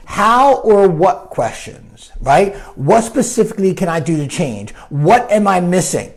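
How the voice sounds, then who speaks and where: A man coaching his viewers in a loose, animated talk. His pitch rises and falls a lot as he makes his points. He keeps asking "right?" to check that the listener is with him. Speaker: life coach. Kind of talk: live coaching talk answering viewer comments.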